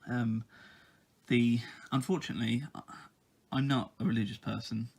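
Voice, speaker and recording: A man's voice: mid-range voice, fairly even intonation, moderate pace, vocal fry, husky. A man giving a casual book review, talking in a hesitant way with lots of ums and uhs.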